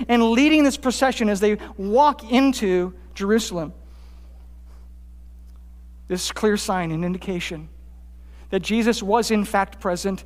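A pastor preaching a sermon, rising for quoted cries and dropping low on his key points. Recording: long hall reverb.

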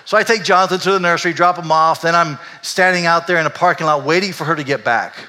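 An older man, a pastor, telling a candid and emotional personal story in a sermon, animated as he goes. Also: on the high side, quick pace. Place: church sanctuary. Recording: echoey hall.

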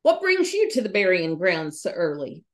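A man's voice: sits high, wildly swooping pitch, normal speed. A woman voicing a shy, polite young country man in a spoken ghost story. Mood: bashful. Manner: polite, bashful country talk.

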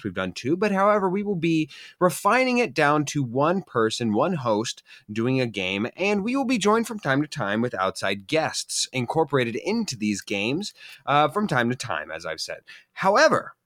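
A man's voice: mid-range voice, fairly bright tone, dry recording, studio quality. A man hosting a casual group podcast, joking around and making announcements in a playfully grandiose way. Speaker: podcast host.

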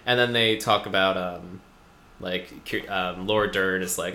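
A man's voice: low-pitched, steady tone, a little slow, bright, forceful tone, slight background noise. A man casually recapping a TV episode in chat, rambling with lots of fillers and wry asides. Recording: echoey room recording.

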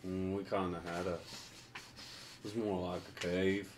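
Deep-voiced man playing a tabletop game. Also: flat delivery, moderate pace, recorded from a distance, slight background noise. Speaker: player. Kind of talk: tabletop role-play banter.

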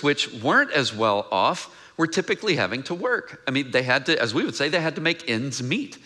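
A male pastor preaching a sermon in a conversational way, asking the congregation questions and reading scripture aloud in a quieter, lower voice.

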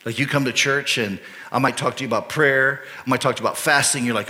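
Male pastor, conversational sermon, forceful bright tone, rhetorical questions, long church reverb. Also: medium pitch, very fast. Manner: casual, asks rhetorical questions.

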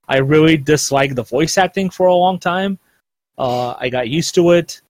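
A man's voice: a little high, normal speed, dry recording. A man chatting casually on a podcast, rambling with lots of fillers and restarts. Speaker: podcast co-host. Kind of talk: casual chat.

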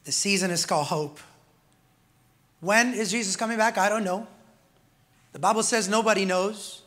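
A male pastor preaching with a very high, forceful voice. He swells louder and then drops quiet by turns and calls out to the congregation as he goes. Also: normal speed. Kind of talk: sermon.

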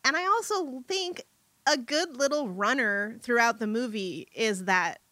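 Bright, chatty woman discussing a movie. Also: a little high, animated, measured pace, no echo. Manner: chatty, laughs often, trails off and restarts. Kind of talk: casual chat about a movie.

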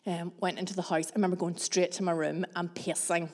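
A woman preaching a sermon, mixing scripture with personal stories in a measured, reflective way with dramatic pauses. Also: lowish voice, little pitch movement, a little mellow. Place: church hall. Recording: long reverb of a large hall.

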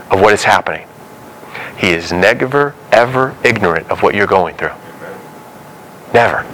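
A man preaching a sermon, telling biblical stories with animated storytelling and acting out the dialogue. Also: lowish voice, a little hiss or hum, low-quality recording.

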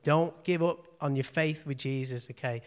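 A man preaches an informal sermon to a small congregation, earnest and personal, circling back to the same plea again and again. His voice sits a little high for a man and comes through smooth and clear. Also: normal speed. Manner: earnest, repeats phrases, frequent "okay". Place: church meeting room.

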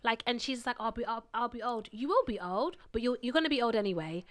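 Fast-talking animated woman in her thirties. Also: fairly high pitch. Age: 30s. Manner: animated storyteller, acts out quotes. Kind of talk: casual chat.

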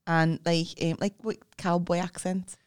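Middle-aged Scouse woman, podcast co-host, blunt and sweary, crisp close-miked voice. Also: fairly low pitch, level tone, measured pace, darkish tone, no room sound. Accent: Liverpool (Scouse). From Liverpool, England. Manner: blunt, abrupt-sounding, swears freely. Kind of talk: casual chat. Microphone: close podcast mic.

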